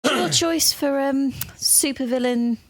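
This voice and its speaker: A woman's voice: high-pitched, measured pace, dry recording. A woman co-hosting a casual podcast, bubbly and affectionate, who teases her co-host freely. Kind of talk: casual chat.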